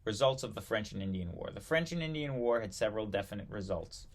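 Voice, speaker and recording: A man reading aloud from an old history textbook, halting now and then to correct himself and add brief asides. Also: lowish voice, animated, slight background noise. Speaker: history reader.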